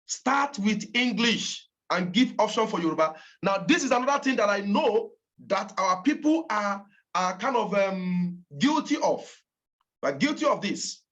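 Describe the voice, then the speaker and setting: A woman with a Nigerian accent giving a motivational training talk to campaign callers, emphatic and repeating her points for stress. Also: medium pitch. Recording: dull lo-fi recording.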